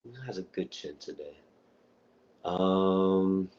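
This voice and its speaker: A young man, a boxing prospect, calling in to a live show, talking in a relaxed way and often repeating words while he thinks. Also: low voice, slow. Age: young adult. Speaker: boxer, interview guest. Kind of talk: casual call-in interview. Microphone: phone on a call. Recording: dull phone-call audio.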